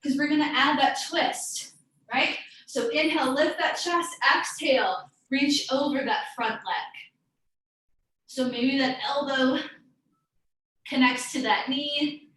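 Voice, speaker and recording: Yoga teacher lady, kinda high bright voice, sounds far off in a really echoey room, cheering folks on by name. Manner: encouraging, calls out students by name. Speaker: yoga instructor. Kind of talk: live yoga class cueing. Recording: very echoey room, voice far from mic, faint background noise.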